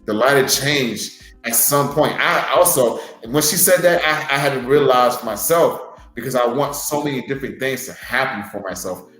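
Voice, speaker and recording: A man's voice: medium pitch, normal speed, fairly bright tone, reverberant, soft background music, rough recording. A man who co-hosts a podcast and wrestles, earnestly sharing a word of advice and repeating himself as he restarts. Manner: earnest, repetitive, stumbling restarts. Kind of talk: casual motivational talk.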